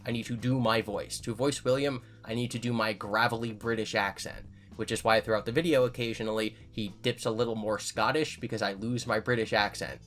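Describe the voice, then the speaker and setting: A man's voice: fairly low pitch, fairly even intonation, a little fast, few pauses, fairly bright tone. Casual man thinking aloud. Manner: thinking aloud, with frequent restarts and repeated words. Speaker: YouTube host answering viewer questions. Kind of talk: casual chat.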